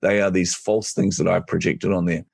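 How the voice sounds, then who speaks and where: A middle-aged man speaks as a podcast guest in a very deep voice with a gravelly, husky edge. He tells a personal anecdote in a lively way and acts out his own thoughts. The recording is dry, with no room sound. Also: normal speed, no room sound. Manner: animated anecdote-telling, acting out his inner voice. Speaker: podcast guest, marketing strategist. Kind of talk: storytelling in an interview.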